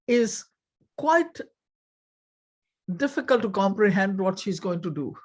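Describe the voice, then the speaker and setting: A woman's voice: mid-range voice, expressive, slow. A woman chatting casually on a video call before an online session, laughing easily and planning aloud.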